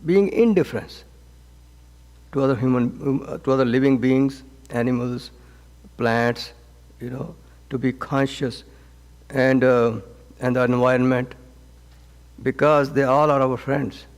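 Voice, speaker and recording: A man as a swami teaching a scripture class, speaking gently and haltingly with frequent restarts and repeated words. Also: mid-range voice, steady tone. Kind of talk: spoken scripture class with counseling advice. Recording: long reverb of a hall.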